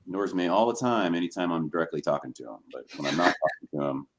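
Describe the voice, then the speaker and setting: Laid-back man, very deep voice, casual co-host. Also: animated, quick pace. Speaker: podcast co-host drawing while chatting. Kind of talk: casual chat.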